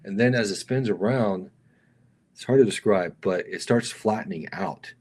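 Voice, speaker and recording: A middle-aged man with a very deep voice tells his stunt stories in a loose, casual interview. He gets animated and raises his voice to act out other people, and he keeps calling the host "dude". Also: normal speed, slightly rough. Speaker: stuntman guest.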